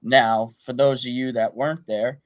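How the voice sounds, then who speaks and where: Animated northern man telling a story. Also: mid-range voice, moderate pace, muffled recording, a little hiss or hum. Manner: animated storyteller, acts out voices, profane. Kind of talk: casual chat.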